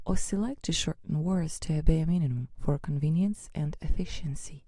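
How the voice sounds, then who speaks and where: A woman reading a scripted educational narration in an even, measured way. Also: sits low, breathy edge, dry recording.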